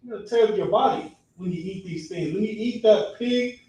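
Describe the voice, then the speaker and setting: A man teaching a religious class in a classroom, animated and acting out people's reactions with mock voices. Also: high-pitched, a little fast. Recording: echoey room, far from the mic.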